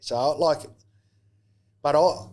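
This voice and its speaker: A man from New Zealand with a broad Australian-tinged New Zealand accent, talking casually as an interview guest, relaxed and hesitant with frequent ums. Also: a little high, extremely slow. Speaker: guest, former rugby league player.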